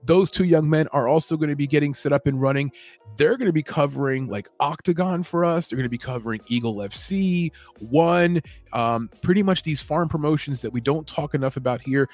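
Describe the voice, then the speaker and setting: A man's voice: on the high side, a little fast, darkish tone, no room sound, soft background music. A man hosting a late-night podcast, talking casually and rambling, with many fillers and self-corrections. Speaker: podcast host. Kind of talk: casual show announcements.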